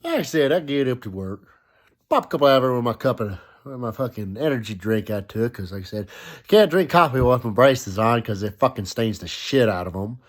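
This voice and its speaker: A young male vlogger on his sofa at home tells a rambling, profane story about being sick, still coughing a little from the illness. His mid-range voice has lively intonation and runs a little fast in this casual storytelling vlog.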